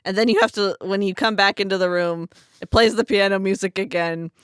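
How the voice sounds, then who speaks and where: A woman's voice: mid-range voice, a little fast, smooth, no room sound, studio quality. A young woman co-hosting a podcast, casually and animatedly retelling a video game scene. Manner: animated storyteller, acts out scenes with voices. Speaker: podcast co-host.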